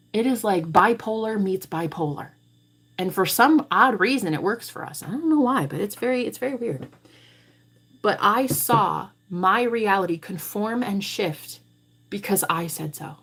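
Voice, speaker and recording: A woman hosting a live tarot stream, telling her viewers a story bluntly and with plenty of swearing. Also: medium pitch. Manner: blunt, profane, animated storytelling. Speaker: tarot reader and livestream host. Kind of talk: livestream talk to viewers.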